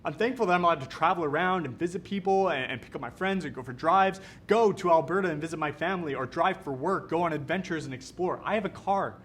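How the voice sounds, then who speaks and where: Young canadian guy preaching to teens, chatty and upbeat, slightly high voice, faint rumble behind. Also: fast, few pauses. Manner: energetic, casual, conversational preaching. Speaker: youth pastor. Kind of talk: youth sermon.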